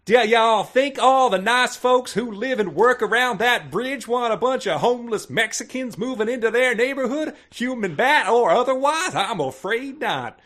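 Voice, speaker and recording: A man voicing a woman who lays on a thick, exaggerated Texas accent, drawling slowly with mock sweetness. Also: very high voice, animated, fairly bright tone, voice pushed up, exaggerated voice. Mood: mock-sweet. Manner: slow, syrupy, mock-sweet.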